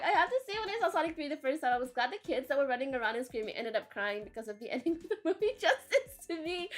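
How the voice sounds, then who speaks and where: A high, bright young woman chats casually on a home stream, reading out chat and swearing freely between stories. She breaks into squealing laughs, and faint music plays underneath.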